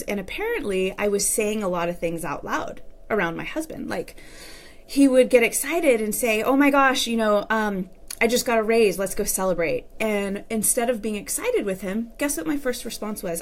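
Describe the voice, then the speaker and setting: A woman's voice: medium pitch, normal speed. A woman in her thirties, a relationship coach talking candidly to viewers on a live stream. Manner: chatty and candid, addresses viewers directly.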